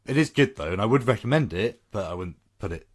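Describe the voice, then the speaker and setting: A man's voice: fairly low pitch, quick pace, no room sound. A man co-hosting a film podcast, chatting casually and reading out a scripted review, with plenty of ums. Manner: animated, with lots of ums and laughs.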